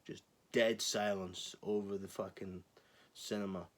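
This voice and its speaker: A young man in his twenties with a lowish voice rants to camera in a casual, exasperated monologue. He is sarcastic and swears freely. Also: little pitch movement, measured pace. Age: 20s. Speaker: channel host.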